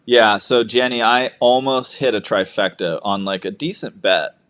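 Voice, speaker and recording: A young man chats loosely through a home livestream in a fairly low voice, cracking jokes and reading out viewer comments as they come in. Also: normal speed, a bit bright, smooth. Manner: jokey, reads viewer comments aloud. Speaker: livestream co-host, new father. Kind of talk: casual livestream chat.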